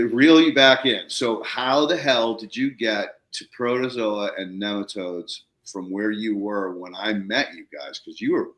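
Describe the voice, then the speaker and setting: A man hosting a podcast, telling a story in casual conversation, excitable and swearing casually, acting out quotes in a raised voice. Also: fairly low pitch, roomy sound. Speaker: podcast host.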